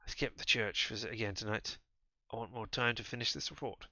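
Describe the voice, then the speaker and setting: A man streaming a game, reading its first-person narration in a calm, low-key way. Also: brisk, highs cut off.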